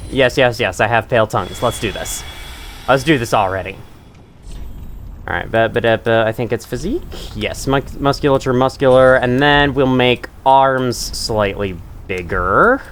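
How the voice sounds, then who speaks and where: A man's voice: mid-range voice, moderate pace, fairly bright tone, slight background noise. A young man hosting a casual let's-play with chatty, self-mocking asides, his nose runny from allergies. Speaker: gaming channel host.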